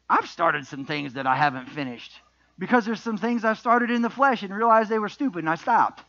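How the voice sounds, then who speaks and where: A man's voice: high-pitched, a bit bright, muffled recording. A middle-aged man preaching a sermon as pastor, emphatic, with repeated refrains and rhetorical questions.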